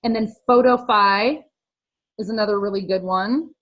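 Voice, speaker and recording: A woman's voice: mid-range voice, moderate pace, dull audio. A woman in her thirties, a fitness coach, talking casually and upbeat about social media tips, with lots of fillers.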